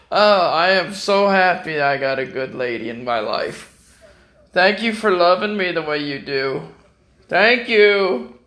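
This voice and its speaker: A man's voice: sits high, expressive, a little slow, pushed and bright. A man chatting casually in a home vlog, rambling, heartfelt and joking. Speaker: vlogger. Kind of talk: casual chat.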